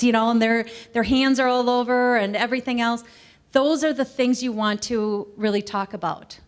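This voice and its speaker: A middle-aged woman giving a customer service training talk in a conversational, animated way, acting out quoted exchanges. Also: on the high side, moderate pace, clean tone. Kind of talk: training presentation. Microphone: recorded to camera.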